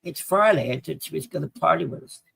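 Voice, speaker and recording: Rich: A man with a gravelly, raspy voice trades dry one-liners as a co-host of a casual stream. The sound is close and dry. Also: on the high side, lively intonation, quick pace, fairly bright tone, no echo. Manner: dry, short replies. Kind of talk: casual live-stream banter.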